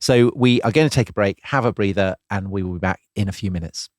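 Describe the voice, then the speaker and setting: A man's voice: on the low side, fast. A man co-hosting a history podcast, talking in a wry, teasing way. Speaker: podcast co-host. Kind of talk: history chat and ad read.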